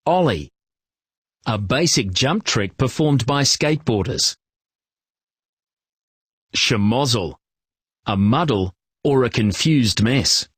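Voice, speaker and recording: A man narrating a children's reading program, giving clear, encouraging instructions and praise. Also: mid-range voice, animated, slow, pauses often, dry recording, studio quality.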